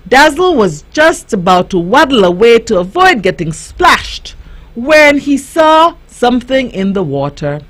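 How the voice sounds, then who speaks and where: A woman reading a children's story aloud, slow and expressive, giving the characters their own voices. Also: fairly high pitch. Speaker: youth radio host.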